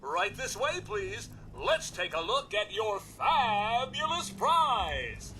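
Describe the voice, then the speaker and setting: High, swooping robot game-show host, slow showy patter, music bed under. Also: male voice, sing-song, crowd noise, heavily acted. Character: cheery male robot butler hosting a game show. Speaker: trader. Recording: game audio with music behind.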